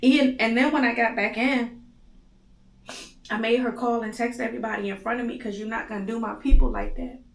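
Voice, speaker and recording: A woman's voice: a little high, steady tone, a little fast, vocal fry. Tearful, blunt woman in an echoey room. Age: 30s. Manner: raw, blunt, profane. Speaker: host. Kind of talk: candid emotional monologue. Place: home.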